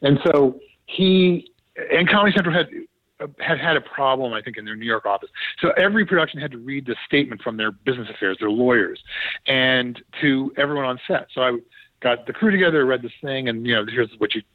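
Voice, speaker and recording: A man, a TV producer and podcast guest, telling stories in a casual, animated way and acting out what others said. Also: medium pitch, brisk, dry recording, phone-quality sound. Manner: animated storyteller who acts out quotes. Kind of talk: casual anecdotal storytelling.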